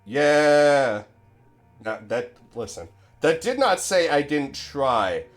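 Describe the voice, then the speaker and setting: A man's voice: fairly high pitch, big pitch swings, takes it slowly, soft background music. A young man streaming, telling a rambling, profane, self-deprecating story in a casual way into a desk mic.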